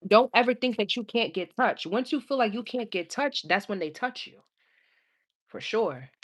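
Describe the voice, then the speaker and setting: A woman's voice: on the high side, expressive, moderate pace. Young woman, tarot reader, live-stream chat, laughs a lot, slangy.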